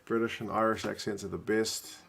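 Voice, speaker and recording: A man's voice: on the low side, little pitch movement, a little fast, gravelly, a bit bright, slightly rough. A man with a New Zealand accent, chatting casually on a live stream as he watches a rugby match and answers viewers. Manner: chatty, reads viewer comments aloud, says bro.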